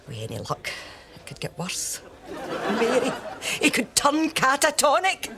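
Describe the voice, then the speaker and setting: A scheming, gleeful wife. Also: female voice, high voice, huge pitch swings, a little slow, very noisy, full character voice. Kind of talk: TV sitcom acting.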